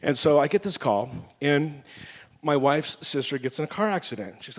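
A man preaching a sermon, telling stories in an animated way and acting out his own angry outbursts. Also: on the high side, brisk, in a large hall. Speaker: pastor.

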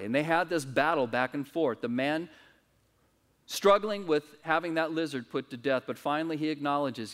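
Earnest pastor preaching in a reverberant hall. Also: male voice, fairly high pitch, moderate pace. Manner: earnest storytelling with restarts. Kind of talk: sermon. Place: church service.

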